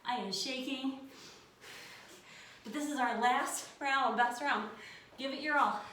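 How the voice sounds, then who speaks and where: A woman's voice: high-pitched, takes it slowly, pushed and bright. A woman leading a workout video, out of breath and panting as she gives encouraging countdowns. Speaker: fitness instructor. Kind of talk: workout coaching. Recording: echoey room from far off, noisy.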